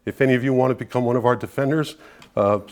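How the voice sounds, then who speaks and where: A man's voice: medium pitch, fairly even intonation, quick pace, darkish tone. A man leading an advocacy group, giving a conversational, persuasive talk to an audience and often dropping in asides. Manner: earnest, persuasive, with frequent "you know" asides.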